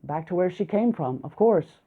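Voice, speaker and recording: In an audiobook, a rattled male doctor blurts out short exclamations, read by a woman in her own lowish voice. The recording is thin and tinny, as if over a phone line. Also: animated, normal speed, slightly rough. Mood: flustered. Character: nervous male doctor, first-person hero.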